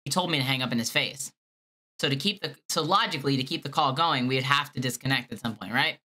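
Bright-voiced sarcastic male streamer. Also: fairly high pitch. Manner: sarcastic, exasperated and mocking. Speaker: streamer baiting a scam caller. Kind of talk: live-stream phone prank commentary.

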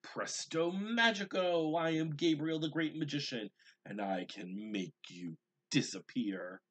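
A man voicing a proud little boy who plays a magician, chanting his magic words with excitement. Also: a little high, unhurried, breathy edge, voice pushed up. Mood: boastful.

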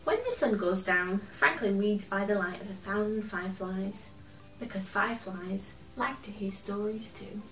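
Expressive woman reading a picture book, echoey room. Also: mid-range voice, normal speed, distant mic, soft background music. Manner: gentle and expressive, chatting to a toy companion. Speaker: children's storyteller. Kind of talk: picture-book read-aloud for children. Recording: roomy echo, from off the mic.

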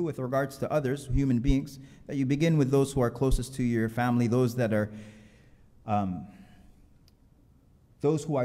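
A man's voice: medium pitch, dark tone. A man preaching a Friday sermon, telling stories with quoted dialogue in an earnest way. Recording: long hall reverb.

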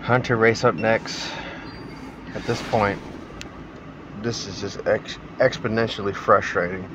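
A man's voice: fairly low pitch, fairly even intonation, unhurried. A man giving frustrated, swearing commentary while playing a racing game, with noisy game sound behind his voice. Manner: swearing, exasperated, grumbling. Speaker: gaming channel host.

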